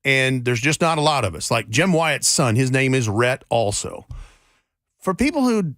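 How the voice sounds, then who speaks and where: A man's voice: medium pitch, normal speed, no echo, studio quality. A man co-hosting a sports radio show, telling stories in casual, emphatic banter. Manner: animated, emphatic storyteller.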